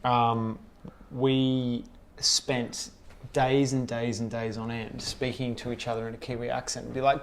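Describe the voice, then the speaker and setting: A man, a comedian and actor, telling relaxed stories in a casual chat, swearing freely and acting out old conversations. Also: mid-range voice, unhurried, a little hiss or hum. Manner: relaxed, swears freely, acts out past dialogue.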